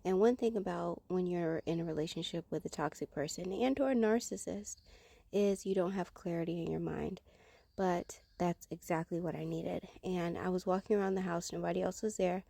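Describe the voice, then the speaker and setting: Woman for a faith testimony, low-pitched, mellow and gravelly, dry close sound, earnest storyteller. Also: moderate pace, no echo. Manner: earnest, conversational, acts out her own past reactions. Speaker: Christian sharing a personal testimony.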